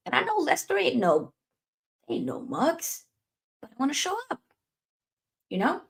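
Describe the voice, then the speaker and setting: A woman hosting a live football chat stream, reading viewer comments and reacting in a chatty, animated way. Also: sits high, normal speed, creaky, pauses often. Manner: animated, chatty, with playful put-on voices.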